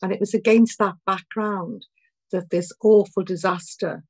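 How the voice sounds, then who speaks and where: An older woman from Liverpool with a Scouse accent, an activist answering an interview in a heartfelt, halting way and fighting back tears. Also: medium pitch, steady tone, dry recording, low-quality recording. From Liverpool, England. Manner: heartfelt, halting, many restarts. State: near tears. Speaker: activist guest.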